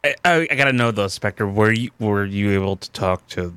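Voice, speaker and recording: A male podcast co-host talks casually and pokes fun at himself. His low, smooth voice sits dry and close on the mic. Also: moderate pace, a bit bright, dry recording. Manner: self-deprecating, laughs often. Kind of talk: casual chat.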